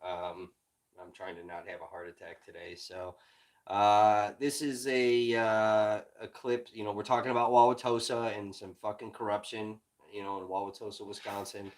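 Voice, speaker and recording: A man originally from Illinois, hosting a livestream and ranting in frustration, heavy with profanity and swinging from low muttering to loud outbursts. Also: little pitch movement, moderate pace, rough recording. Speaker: livestream host and independent journalist.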